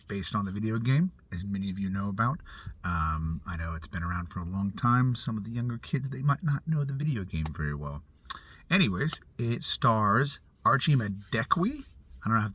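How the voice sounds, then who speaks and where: A man's voice: lowish voice, fairly bright tone, breathy edge. A middle-aged man giving a chatty, rambling movie review, correcting himself as he goes. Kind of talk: casual movie review vlog. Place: outside a movie theater.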